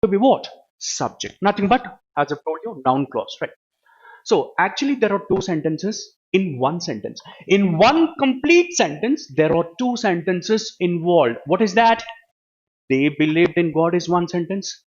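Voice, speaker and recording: A man's voice: high voice, animated, moderate pace, a little mellow, muffled recording. A man teaching a live online grammar class, who keeps asking questions, answering them himself and adding "right, ma?". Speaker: English teacher.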